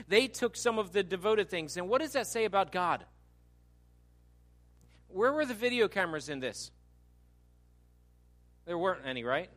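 A man preaching a sermon, animated, moving between quiet asides and loud, emphatic bursts. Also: high voice. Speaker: pastor.

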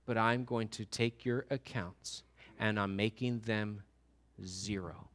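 A man voicing a merciful king who forgives a huge debt, speaking slowly and solemnly in a hushed voice. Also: on the low side, fairly even intonation, pitched below the performer's own voice, natural voice. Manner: slow, hushed, solemn delivery.

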